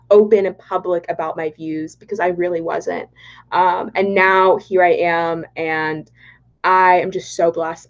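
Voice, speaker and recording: A young woman from Dallas with a Texan accent, chatting excitably on a livestream and reading viewer comments aloud. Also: fairly low pitch. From Texas, Dallas. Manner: bubbly and excitable, reads chat aloud. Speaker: political vlogger. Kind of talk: casual livestream chat. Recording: dull lo-fi livestream audio.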